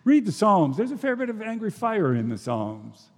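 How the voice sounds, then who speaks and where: Male preacher, high-pitched, earnest delivery with sudden hushed drops and forceful rises, long hall reverb. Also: big pitch swings, normal speed. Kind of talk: sermon.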